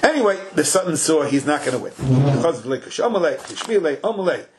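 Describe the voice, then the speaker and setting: Older man teaching a lively Torah class. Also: a little high, a little fast, a little hiss or hum. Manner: mixes Hebrew and Yiddish terms into English, conversational; animated, folksy retelling with asides.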